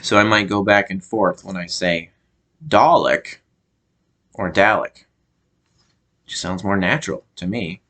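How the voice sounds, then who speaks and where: Man, American accent, deep voice, casual review monologue, halting, searching for words. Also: fairly even intonation, bright, forceful tone. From United States. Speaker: show reviewer.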